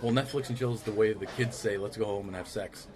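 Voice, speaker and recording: A man co-hosting a podcast over dinner, telling stories in a quick, joking way. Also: on the low side. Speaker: podcast co-host. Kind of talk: casual chat over dinner. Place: diner. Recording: noisy diner crowd behind.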